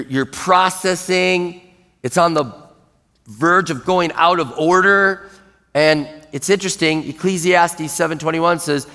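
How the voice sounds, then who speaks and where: Male pastor, emphatic sermon delivery, slightly high voice, long church-hall reverb. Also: fairly bright tone. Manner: emphatic, acts out quoted mutterings in a low grumble.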